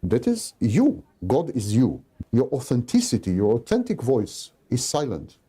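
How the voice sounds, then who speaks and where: Man, lecturer, husky and lively in pitch, emphatic and repetitive. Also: a little slow. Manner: didactic, emphatic, repeats key phrases. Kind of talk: recorded talk.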